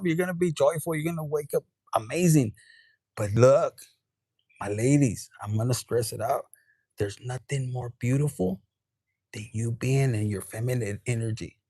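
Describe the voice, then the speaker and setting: A man giving a casual, animated tarot reading straight to camera, swearing freely and dropping into quoted voices and bits of Spanish. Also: medium pitch, moderate pace, dry recording, studio quality. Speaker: tarot reader.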